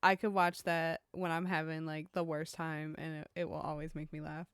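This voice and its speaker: A woman's voice: deep voice, little pitch movement, clear, resonant tone, no echo. Playful woman podcast co-host. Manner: playful, enthusiastic, drawn-out emphasis. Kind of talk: casual chat.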